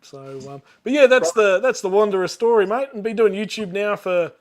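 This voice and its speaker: A man's voice: high-pitched, brisk. A middle-aged Australian man telling a rambling camping story over a video call, laughing often and full of fillers and restarts. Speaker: YouTuber guest. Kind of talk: casual storytelling chat.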